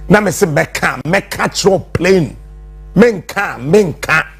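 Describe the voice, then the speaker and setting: A man making a defiant, forceful speech in a played clip, repeating himself and mixing languages. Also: high voice, animated, takes it slowly, vocal fry, husky.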